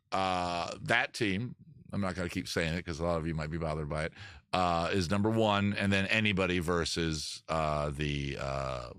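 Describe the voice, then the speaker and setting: A man's voice: lowish voice, fairly bright tone, dry recording, clean studio sound. A man from Maryland hosting a casual live stream, rambling and joking as he answers viewer chat and corrects himself mid-sentence. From Maryland, USA. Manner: rambling, self-correcting, jokey. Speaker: host.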